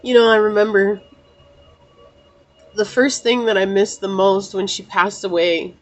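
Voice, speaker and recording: On a rough recording, a woman speaks a little slowly in a medium-pitched voice with little pitch movement. The tarot channel host is earnest and emotional with her viewers, nearly crying at points, repeating phrases, and leaning on "you know."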